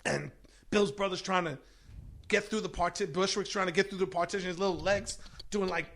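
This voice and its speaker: A man who is a podcast guest, telling a story in a lively, profane way. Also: sits high, fairly quick. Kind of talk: storytelling in casual chat.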